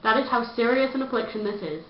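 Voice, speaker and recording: High-voiced woman ranting. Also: lively intonation, fast talker, slight background noise. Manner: chatty, self-mocking, rambling. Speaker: vlogger. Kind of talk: casual comedic rant to camera. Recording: dull lo-fi echoey room sound.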